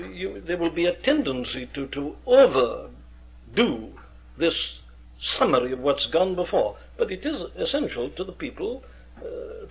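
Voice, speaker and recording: A man, an experienced preacher lecturing earnestly on how to preach, with emphatic rhetorical questions. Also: on the high side. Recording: dull lo-fi archive recording.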